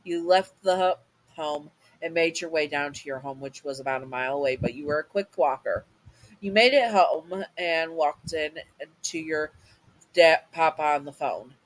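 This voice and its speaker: A woman's voice: deep voice, moderate pace, poor audio. A woman casually reading a second-person fan audio story, often stumbling over and restarting words.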